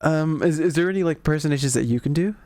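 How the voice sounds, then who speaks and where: A young man co-hosting a podcast, asking eager questions and agreeing quickly in casual chat. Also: on the high side, a little mellow, no room sound. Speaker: podcast co-host.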